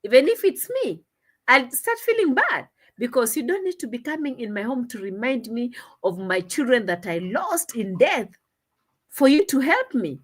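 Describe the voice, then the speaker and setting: A woman's voice: fairly high pitch, very animated, normal speed, slightly rough. A woman commentator reacting to a clip, talking in an indignant, mocking way and sometimes laughing. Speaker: commentary vlogger. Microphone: desk camera.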